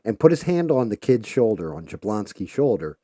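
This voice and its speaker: A man with a low voice and a mellow, dark tone tells an anecdote in a relaxed, profane way. He talks loosely with plenty of filler words and gets animated whenever he quotes someone. The sound is dry and close. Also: brisk, no room sound. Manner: animated when quoting others. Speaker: live stream host. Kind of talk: casual storytelling while painting.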